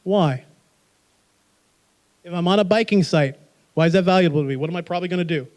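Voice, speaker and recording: A man giving a live marketing workshop, energetic and joking, quizzing the audience with rhetorical questions. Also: high-pitched, brisk.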